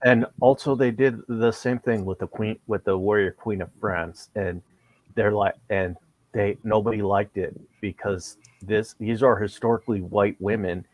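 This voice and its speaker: A man in casual voice chat on a live stream, talking haltingly and restarting his sentences often. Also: lowish voice, fairly even intonation, darkish tone, dry recording.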